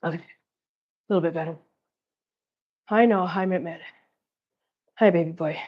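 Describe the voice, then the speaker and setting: Out of breath from the heat, a cat-channel vlogger talks off the cuff during a live stream while tidying up after her cats, using baby talk with them. Her pitch is fairly low, her pace measured, and the recording lacks high frequencies.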